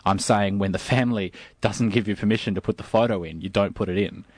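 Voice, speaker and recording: A man's voice: lowish voice, steady tone, fast talker, darkish tone, no room sound. A man arguing his point emphatically in a radio panel debate, stumbling on restarts. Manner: emphatic, argumentative, repeats himself when starting. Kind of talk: studio debate.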